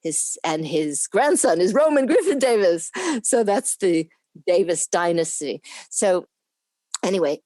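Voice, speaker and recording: A woman in her seventies from New York, an interview guest who tells stories in a casual, animated way, laughing often and playing out the voices of people she quotes. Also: on the low side, unhurried, no echo. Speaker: guest, former camera assistant.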